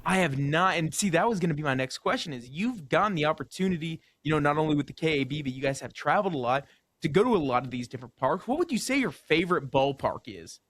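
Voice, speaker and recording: A man's voice: on the high side, expressive, fast talker, a bit bright, dry recording. Dry-sounding man co-hosting sports talk. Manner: prepared, asks questions, hedges with "I think". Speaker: radio sports talk co-host.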